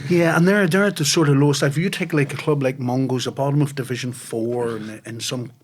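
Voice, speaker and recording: A man's voice: mid-range voice, a little fast. A man, a podcast guest telling comic stories in a casual chat. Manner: animated anecdotes with voices and laughter.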